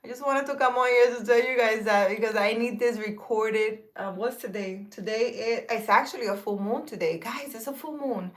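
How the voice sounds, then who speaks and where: Chatty woman with a fairly high voice. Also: normal speed, hardly any pauses. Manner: rambling, chatty, with many fillers and restarts; reads viewer comments aloud and answers them. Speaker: spiritual healer. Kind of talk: casual chat to viewers.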